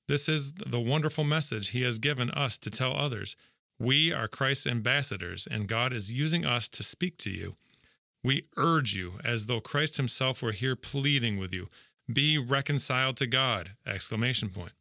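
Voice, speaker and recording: Bright earnest man reading scripture. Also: medium pitch, no room sound, clean studio sound. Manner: conversational, earnest, lightly joking. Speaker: devotional speaker. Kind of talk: Bible reading and devotional reflection.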